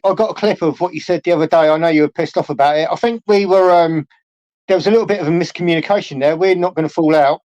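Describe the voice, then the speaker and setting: High-voiced apologetic man. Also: fast, a little mellow, dry recording. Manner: apologetic, hesitant, fillers. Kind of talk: casual livestream panel chat. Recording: dull lo-fi stream audio.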